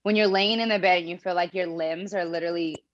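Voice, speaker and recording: A woman's voice: on the low side, fairly even intonation, fast, muffled recording. A young woman speaking as a podcast guest in a casual, reflective way, laughing often. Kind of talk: casual interview talk.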